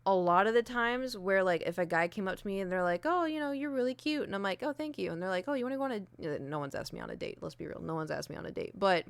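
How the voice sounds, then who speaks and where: Low-voiced young woman streamer chatting. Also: expressive, fast, gravelly, few pauses, smooth, dry recording. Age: young adult. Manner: candid, self-deprecating, many fillers. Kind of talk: casual chat. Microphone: desk mic with ring light.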